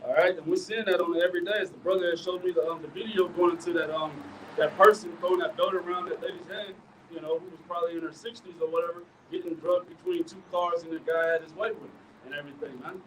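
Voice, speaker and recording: A man's voice: a little high, fairly even intonation. Man reading scripture from a distance. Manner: reads haltingly with fillers, adds "man, all right?". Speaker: scripture reader and preacher. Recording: distant mic with faint outdoor noise.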